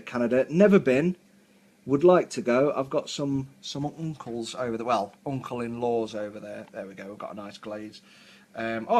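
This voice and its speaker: Rambling southern English man live-streaming. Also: medium pitch. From England. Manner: rambling, filler-heavy, chatty. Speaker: hobby live-streamer painting miniatures. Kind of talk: casual live-stream chat.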